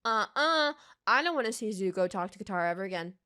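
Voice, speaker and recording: A woman's voice: mid-range voice, expressive, fast talker, sharp tone, smooth. A young woman hosting a reaction video, ranting in a heated, profane way and addressing the character directly, worked up and sweating. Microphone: desk microphone.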